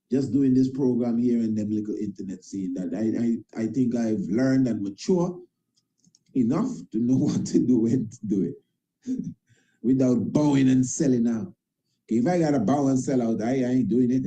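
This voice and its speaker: In a medium-pitched, mellow voice at a moderate pace, this priest hosting an internet show speaks passionately, repeating himself for emphasis. He uses casual grammar and lots of tag questions, and the recording has the highs cut off.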